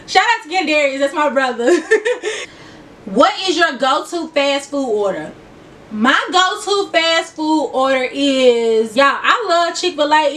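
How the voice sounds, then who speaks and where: A young woman with a Memphis accent and a high voice talks straight to her viewers in a loose, giggly way. She sits a little back from the mic, so the sound is slightly distant. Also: fairly bright tone. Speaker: vlogger. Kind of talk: casual get-to-know-me chat.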